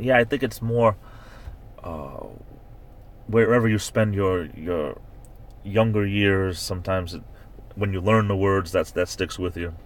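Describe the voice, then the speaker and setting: A man with a Northeastern US accent, edging toward New York, chats loosely on a live stream and reads viewer comments aloud. His voice sits very low. He talks from inside a parked car. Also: measured pace. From Northeastern United States. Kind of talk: casual live stream chat.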